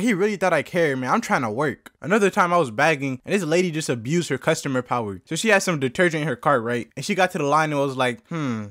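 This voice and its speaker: A young man from the United States telling comedic storytime anecdotes in a deadpan, slangy way. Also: on the high side, dry recording, clean studio sound. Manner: deadpan, slangy, quick asides. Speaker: storytelling animator.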